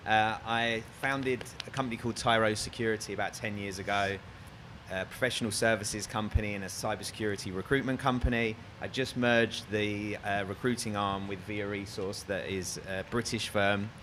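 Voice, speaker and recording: A man's voice: on the low side, level tone, normal speed, a bit bright, slight background noise. A man with an Australian accent, moderating a panel in a chatty, joking way. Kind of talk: casual panel talk.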